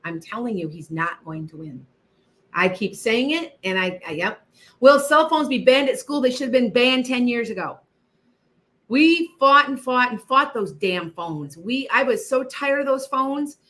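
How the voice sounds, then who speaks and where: Middle-aged woman, live psychic host, bright voice, emphatic and repetitive, chatty with viewers. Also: on the high side, animated, unhurried. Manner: emphatic, repeats herself, chatty asides to viewers. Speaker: psychic livestream host answering viewer questions. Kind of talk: casual live-stream chat.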